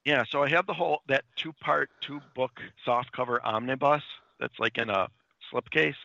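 A man's voice: mid-range voice, moderate pace, gravelly, sharp tone, dry recording. A man hosting a casual podcast chat about comics, talking in a rambling, hesitant way full of fillers. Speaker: podcast host reviewing comics. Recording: dull, lo-fi dry recording.

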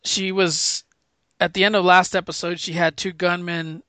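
A man's voice: sits high, little pitch movement, normal speed, pushed and bright, no echo. A man casually recapping a comic book issue, rambling with fillers and acting out quoted lines. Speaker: comic podcast co-host.

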